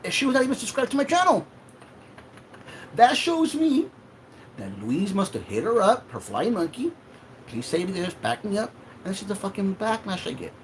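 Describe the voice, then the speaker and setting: A man's voice: high-pitched, huge pitch swings, moderate pace, long pauses, slight background noise. A man hosting a livestream, talking in an emotional, profane and confrontational way. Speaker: livestream host. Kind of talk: heated livestream rant.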